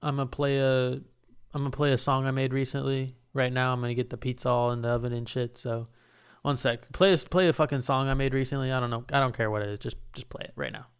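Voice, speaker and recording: A man's voice: mid-range voice, steady tone, quick pace, smooth. A young man hosting a solo podcast from his apartment, rambling in a laid-back, profane, self-mocking way. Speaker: podcast host. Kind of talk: casual solo podcast chat. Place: home apartment.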